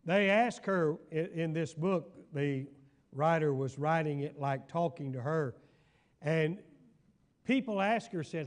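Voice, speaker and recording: An older pastor teaches a church Bible study in a folksy storytelling manner. His voice sits high for a man, and he speaks at an unhurried pace. He keeps stopping to ask the room whether they follow him. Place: church hall.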